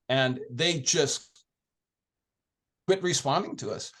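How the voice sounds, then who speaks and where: Chatty higher-voiced man telling a story. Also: animated, measured pace. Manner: chatty anecdotal storytelling, retelling conversations. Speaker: founder of an organization, interview guest. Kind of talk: conversational interview answer.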